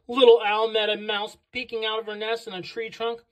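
A woman reading a picture book aloud to children, slow and expressive on the sound words. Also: fairly high pitch, poor audio. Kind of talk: read-aloud storytelling for children.

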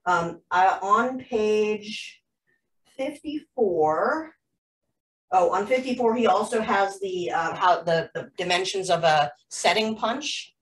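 A woman's voice: medium pitch, takes it slowly, distant mic, low-quality recording. A woman teaching a jewelry-making class over a video call, explaining chattily with frequent ums and restarts. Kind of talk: live online class instruction.

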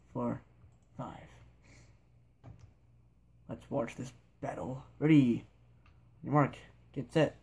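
A young man with a gravelly, mid-pitched voice gives casual commentary while he plays. He rambles goofily, talks to himself and barks at the characters on screen. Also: a little mellow. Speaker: gameplay video maker.

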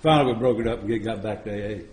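A man's voice: fairly low pitch, rapid-fire, darkish tone. Folksy man telling stories in an echoey room. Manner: folksy, joking, chuckles often. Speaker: AA retreat speaker. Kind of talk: storytelling recovery talk.

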